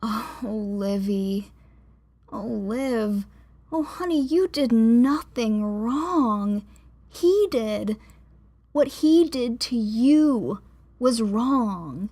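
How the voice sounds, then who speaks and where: Brief: woman narrator doing a worn-out, kind gym teacher in an audiobook, slow and patient, slightly high. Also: expressive, warm tone, heavily acted. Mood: weary gentle. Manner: tired, soothing, patient.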